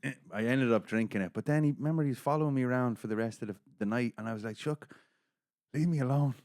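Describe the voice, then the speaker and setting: A man's voice: medium pitch, racing, a little mellow, no echo, studio quality. A middle-aged Irish man hosting a casual podcast, telling stories and swearing freely. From Ireland. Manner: storytelling, swears freely, acts out quotes. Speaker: podcast host. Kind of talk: casual chat.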